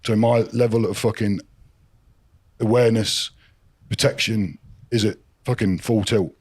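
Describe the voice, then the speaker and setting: A man's voice: on the low side, steady tone, a little slow, breathy edge. A middle-aged man, a podcast guest telling blunt stories full of swearing. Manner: blunt, heavy swearing, forceful storytelling. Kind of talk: casual podcast chat.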